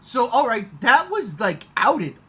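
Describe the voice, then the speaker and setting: A man co-hosting a podcast, chatting excitedly about a movie with frequent swearing and loud outbursts. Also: very high-pitched, unhurried, husky. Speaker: podcast co-host. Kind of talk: excited casual movie chat.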